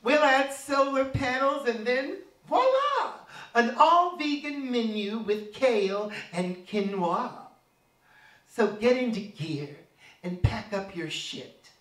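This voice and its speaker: Brief: a man doing a wheedling, whispering female politician impression, slow. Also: very high voice, big pitch swings, fairly bright tone, exaggerated voice. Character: scheming female vice-president, hushed. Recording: echoey room, voice from a distance.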